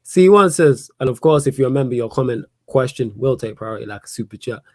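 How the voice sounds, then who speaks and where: A man's voice: mid-range voice, lively intonation, quick pace, no echo. A man hosting a casual sports chat, laid-back and slangy as he reads viewer questions. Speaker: host.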